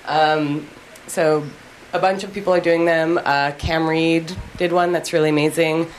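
A woman's voice: low-pitched, fairly even intonation, measured pace, a little hiss or hum, poor audio. A woman in a band, chatting casually on the radio in a rambling, giggly, self-deprecating way. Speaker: band member guest.

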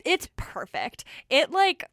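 Young female radio co-host, animated and opinionated, lively pitch, dry close mic. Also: slow, gravelly, no echo. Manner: animated, opinionated, laughs often. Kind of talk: casual chat.

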